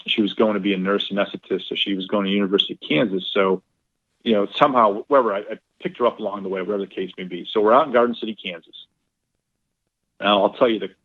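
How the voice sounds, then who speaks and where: A man on a podcast, a golf professional, telling long stories in a rambling, animated way full of fillers. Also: on the low side. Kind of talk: casual storytelling interview. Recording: phone-line quality.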